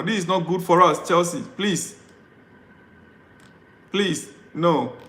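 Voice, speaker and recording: Exasperated high-voiced man in an echoey room. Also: fairly bright tone. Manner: exasperated, repetitive pleading. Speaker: football fan vlogger. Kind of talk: live-stream rant.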